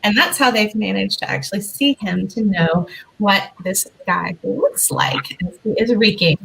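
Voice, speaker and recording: A woman hosting a talk show, telling a haunted history story with lively, playful asides. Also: mid-range voice, measured pace, gravelly, poor audio. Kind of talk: hosting a history and mystery segment.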